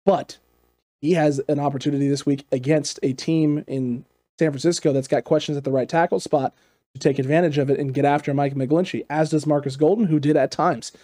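A man hosting a casual football analysis show, talking in an animated way with repeated emphatic phrases. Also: fairly high pitch, fairly quick. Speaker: sports show host.

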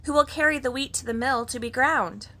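A woman voicing a busy, hardworking little mother hen who calls out briskly and hopefully. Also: sits high, bright, forceful tone, pitched above the performer's own voice.

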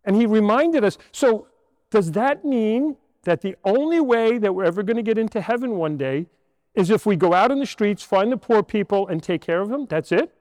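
A man's voice: high voice, expressive, normal speed, a little mellow, no room sound, big-room sound. A man in his sixties, a priest, telling a story in a homily to children and asking them rhetorical questions. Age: 60s. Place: church.

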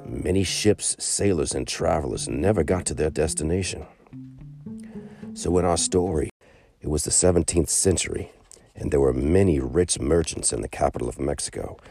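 A man reading a children's story aloud in a calm narrating voice, raising his pitch for the quoted characters. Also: moderate pace, vocal fry, soft background music.

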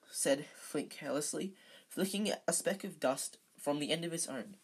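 Casual amateur narrator, husky, mid pitch, frequent slips. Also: moderate pace. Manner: stumbling, self-correcting reading. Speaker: amateur reader. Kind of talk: casual read-aloud of a novel.

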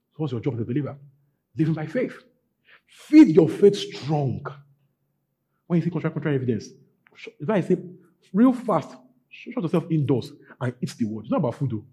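A man preaching a sermon as pastor, emphatic, repeating his phrases and climbing to loud peaks. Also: a little high, sing-song, a little fast, long pauses, slightly rough.

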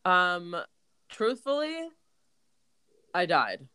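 A woman co-hosting a casual podcast, congested and hoarse-sounding, talking candidly and swearing freely. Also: on the low side, very animated, drawn-out words, bright, forceful tone. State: congested, voice deepened. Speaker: podcast co-host. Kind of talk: casual chat.

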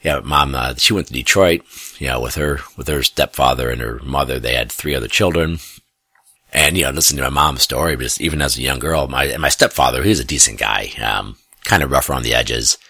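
A man's voice: a bass voice, fairly quick, bright, forceful tone, no echo, clean studio sound. A middle-aged man, telling a family story in a rambling, self-correcting way, often chuckling. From US Midwest. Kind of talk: casual personal storytelling.

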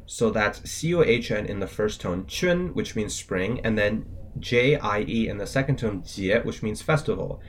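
A man's voice: on the low side, moderate pace, slight background noise. A man co-hosting a scripted language lesson, spelling out words letter by letter with their tones in a casual, upbeat way.

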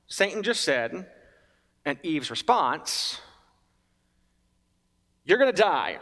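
A man giving a conversational homily as a priest, animated and often asking his listeners questions. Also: high-pitched, big-room sound.

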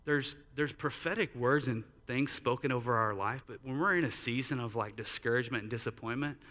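A man's voice: medium pitch, fairly quick, sharp tone, in a large hall. A man preaching a sermon in a conversational storytelling manner, using lots of "like" fillers. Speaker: pastor. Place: church sanctuary.

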